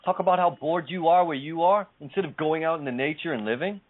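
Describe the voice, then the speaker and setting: A man's voice: a little high, fast. A man hosting a casual spiritual talk show, speaking emphatically and repeating his phrases for effect. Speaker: host. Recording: tinny phone-line sound.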